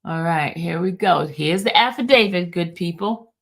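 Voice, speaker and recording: A woman's voice: lowish voice, moderate pace, a bit bright. Casual woman hosting a live recap. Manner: stumbles over legal wording while reading aloud; casual, talks straight to viewers in chat. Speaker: livestream host. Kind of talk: livestream recap, reading court filings and answering chat.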